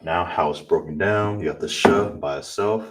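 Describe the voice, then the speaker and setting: Low-voiced male teacher running an online class, far from the mic with steady background noise. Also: moderate pace. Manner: repeats words, frequent "all right?". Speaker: language teacher.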